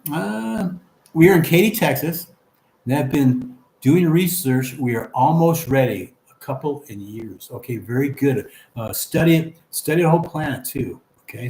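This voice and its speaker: A man's voice: medium pitch, a little mellow, reverberant. A man hosting a casual livestream, reading viewer comments aloud and chatting back in an encouraging, easygoing way.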